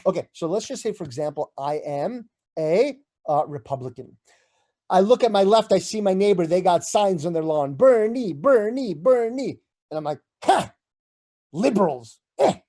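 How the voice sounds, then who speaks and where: A man giving an energetic motivational presentation, loud and punchy with bursts of emphasis, talking straight to his audience. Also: a little high. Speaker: summit presenter. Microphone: video call.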